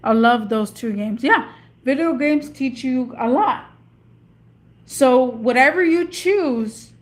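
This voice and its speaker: A woman vlogging from her car in a casual, rambling monologue, often stopping to search for words. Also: sits high. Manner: chatty, meandering, searches for words. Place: in or beside a parked car.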